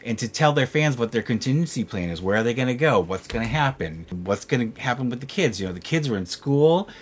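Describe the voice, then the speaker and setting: A man's voice: mid-range voice, animated, fairly quick, slight background noise. A man talking casually at home on his vlog about his rescue cats, chatty and repeating himself. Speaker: vlogger and cat rescuer.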